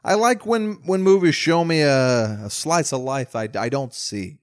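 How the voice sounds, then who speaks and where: A man's voice: on the high side, unhurried, no echo, studio quality. A man co-hosting a podcast in casual chat, talking films and acting out scenes he describes. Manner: relaxed film talk, acts out scenes he describes. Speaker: podcast co-host.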